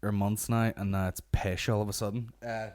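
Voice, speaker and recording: Lowish and flat, a little mellow, and fairly quick: that's how this Northern Irish podcast host sounds. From a warm home garage he rambles, curses and jokes his way through crude comedy.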